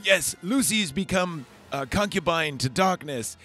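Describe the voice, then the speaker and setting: Giddy old vampire hunter guy, a podcast host hamming it up, squeaks up high. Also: animated, measured pace, bright, forceful tone, soft background music.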